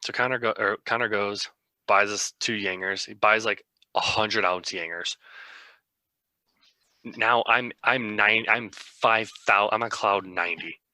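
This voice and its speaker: A man's voice: lowish voice, fairly even intonation, a little slow, bright, forceful tone, no room sound. A young man co-hosting a podcast, telling a rambling, self-mocking story in a casual way. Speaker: podcast co-host.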